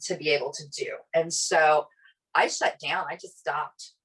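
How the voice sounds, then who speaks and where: A woman's voice: deep voice, a little slow, slightly rough. A woman co-hosting a podcast, telling a personal story in casual chat and acting out the people she quotes. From Italian family. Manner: animated storyteller, quoting others with many "like" fillers. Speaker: podcast co-host.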